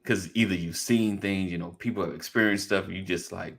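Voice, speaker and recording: A lower-voiced man with a gravelly, bright, forceful tone, chatting casually as a co-host. He laughs easily and backs others up with quick agreement. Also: steady tone. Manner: laughs often, agreeing backchannels. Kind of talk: casual chat.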